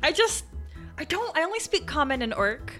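Lively-voiced woman player asking questions. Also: high voice, normal speed, faint music behind. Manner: giggly, tentative questions. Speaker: guest player. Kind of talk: tabletop role-play.

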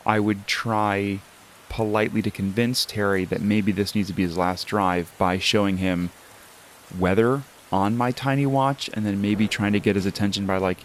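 A man's voice: on the low side, fairly even intonation, moderate pace, slight background noise. A man playing a tabletop role-playing game, hesitant and joking in casual chat. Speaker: player.

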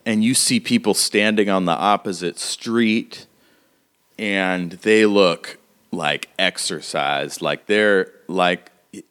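Low-voiced man narrating a tabletop game. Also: slow, a bit bright, clear, resonant tone. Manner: descriptive, with many fillers. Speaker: game master.

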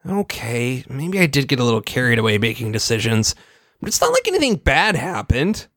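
Brief: animated recap host, very lively pitch. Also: brisk, no room sound, studio quality. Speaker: podcast co-host. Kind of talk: casual episode recap.

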